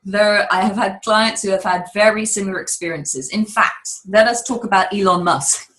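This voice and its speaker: A woman with a neutral British accent, a public speaking coach giving energetic, emphatic advice on a webinar video call. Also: medium pitch, moderate pace, low-quality recording. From United Kingdom. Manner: emphatic, energetic storyteller, addresses the audience directly.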